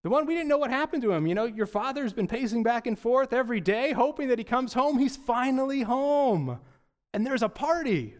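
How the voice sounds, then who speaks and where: A man voicing an excited male household servant as he retells a Bible story in a sermon. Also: a little high, fairly quick.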